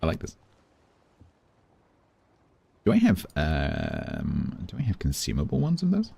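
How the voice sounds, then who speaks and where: Male streamer, deep and warm, animated, chatty, thinking aloud while gaming. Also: a little slow, creaky, slightly rough, dry recording. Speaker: game streamer. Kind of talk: casual live-stream commentary.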